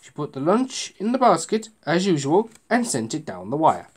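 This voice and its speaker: Children's story narrator, expressive, lively pitch, chatty asides. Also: husky. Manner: expressive, slows for suspense, asides to listener. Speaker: reader. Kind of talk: reading a children's picture book aloud.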